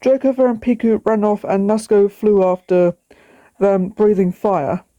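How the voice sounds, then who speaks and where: A woman's voice: mid-range voice, steady tone, unhurried, mellow, muffled recording. A woman reading her own children's story aloud, plainly, with small slips. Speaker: storybook reader.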